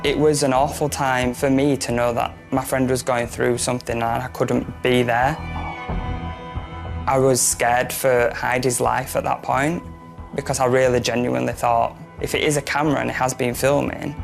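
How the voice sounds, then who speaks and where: A man giving a documentary interview as a friend of the interviewee, speaking in a sober, measured way. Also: medium pitch, level tone, gravelly. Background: faint music.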